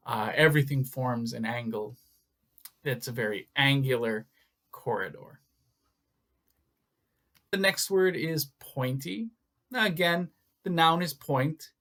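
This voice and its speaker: A man teaching English vocabulary to learners in a video lesson, speaking slowly and stressing each word clearly. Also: a little high, a bit bright. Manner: slow, deliberate, stresses words for learners. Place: language school lesson video.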